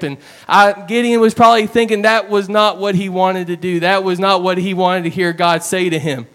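A man's voice: high-pitched, steady tone, normal speed, few pauses, fairly bright tone. A man preaching a sermon, retelling stories in an earnest, storytelling way.

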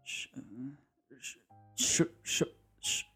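A nervous young man in a storybook reading, stammering and hesitant, his voice lifted a little higher, as a man voices him. Faint music plays underneath. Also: fairly even intonation, a little slow, lightly acted. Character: timid, shaken young man.

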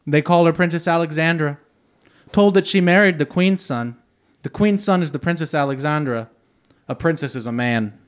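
A man's voice: fairly high pitch, moderate pace, smooth, natural voice. A man voicing a young working-class boy from the 1850s, reading his simple, earnest words in a raised voice.

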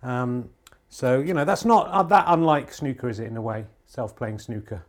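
Brief: male podcast host, dry ironic mock commentator, halting delivery full of "uh"s, home recording. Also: medium pitch. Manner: rambling, many filler pauses; deadpan ironic humour. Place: home TV room.

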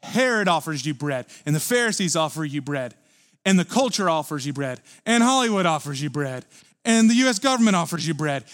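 A man preaching a sermon at a church service, earnest and building to forceful emphasis. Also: a little high, very animated, a little fast. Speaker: pastor.

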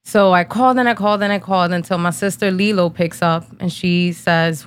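A woman's voice: mid-range voice, a little fast, hardly any pauses, fairly bright tone, dry recording. A woman in her thirties, from New Jersey, hosting a podcast and telling a personal story in a blunt, casual, slangy way, swearing freely and holding back tears. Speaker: podcast host.

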